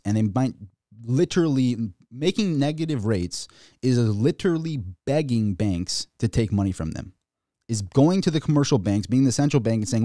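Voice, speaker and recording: A man hosting a casual livestream and ranting about the markets, excitable and rambling, with many restarts. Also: medium pitch, moderate pace, no echo, studio quality. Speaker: finance YouTuber.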